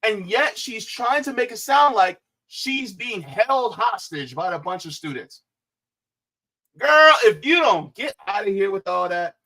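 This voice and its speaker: A man's voice: high voice, very animated, unhurried, pushed and bright. A man giving mocking, sarcastic reaction commentary, leaning hard on key words.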